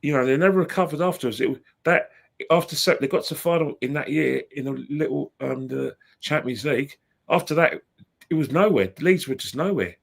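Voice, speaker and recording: A man's voice: a little high, a little fast, vocal fry. A man co-hosting a casual chat, telling football stories in a matter-of-fact way. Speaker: show co-host.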